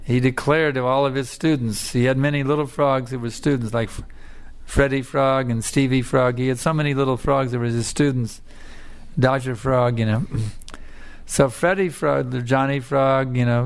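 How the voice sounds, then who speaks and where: A man delivering a scripture talk with a gravelly, creaky voice. He tells it as a story, circling back to repeat his points with emphasis. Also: mid-range voice, fairly even intonation, moderate pace. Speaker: preacher. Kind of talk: scripture lecture.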